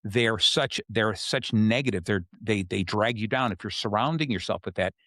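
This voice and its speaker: Low-voiced man coaching in casual talk. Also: moderate pace, a bit bright, dry recording, studio quality. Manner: explanatory, checks in with "okay?" often. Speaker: podcast host. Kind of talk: casual self-help talk.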